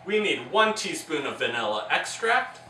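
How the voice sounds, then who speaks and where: A man's voice: a little high, sing-song, normal speed, bright, forceful tone. A man co-hosting a casual comedic cooking show, self-mocking and upbeat. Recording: echoey kitchen, distant mic, faint music.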